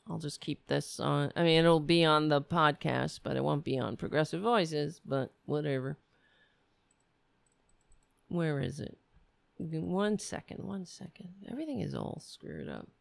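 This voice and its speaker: A woman hosting a live-stream show, ranting and rambling in casual chat as she thinks aloud, her voice going hoarse. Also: low voice, lively intonation, unhurried, long pauses, no echo. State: losing her voice.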